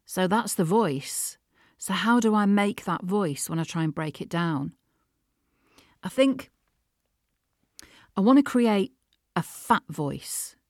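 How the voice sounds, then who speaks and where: A woman voice actor hosting her podcast, explaining her craft in an animated, self-amused way and laughing often. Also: mid-range voice, takes it slowly, pauses often, no room sound, clean studio sound. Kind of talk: reflective podcast monologue.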